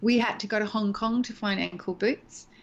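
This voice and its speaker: A middle-aged woman, a guest actress, telling stories in a chatty, animated way in a casual interview from home. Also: mid-range voice, normal speed, vocal fry. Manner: chatty, animated storyteller, laughs easily. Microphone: home video call. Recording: dull lo-fi call audio.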